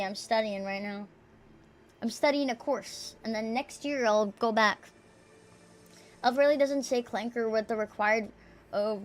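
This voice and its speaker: A young woman from the United States streaming from home, chatting casually and reading viewer messages aloud in an offhand, profane, joking way. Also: a little high. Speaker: livestreamer. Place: at home near neighbors.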